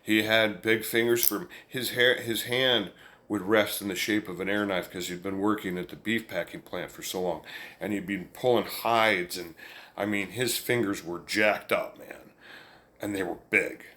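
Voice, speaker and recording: A man's voice: lowish voice, fairly even intonation, normal speed, bright, forceful tone. A man telling a family story in a casual, folksy, rambling way, chuckling along as he goes. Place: indoors, room with an amplifier.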